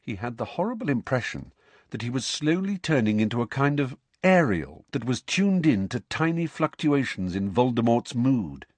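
A man reading a novel aloud as an audiobook narrator, expressive and storytelling. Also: mid-range voice, slightly rough, no echo. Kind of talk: scripted narration.

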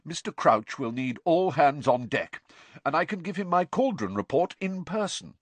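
A man voicing a self-important, ambitious young man in a storybook reading, pompous and raised in pitch. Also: sing-song, moderate pace, dry recording.

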